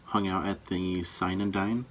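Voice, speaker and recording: Young man, deep, husky, dry teasing banter. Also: level tone, a little slow. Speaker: boyfriend in a couple's tag video. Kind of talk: casual chat.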